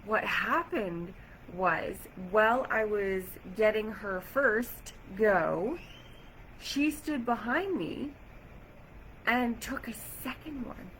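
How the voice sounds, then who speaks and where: A woman vlogging to camera, chatty and animated as she retells an irritating day, with lots of "like". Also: medium pitch, takes it slowly, a little hiss or hum, poor audio. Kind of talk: casual storytelling to camera. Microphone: camera or phone mic.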